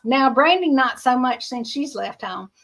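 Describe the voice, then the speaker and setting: A woman's voice: high-pitched, expressive, a little slow, a bit bright. A middle-aged woman with a Georgia Southern accent, hosting a casual livestream, chatty and laughing often while reading viewer comments. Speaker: livestream host.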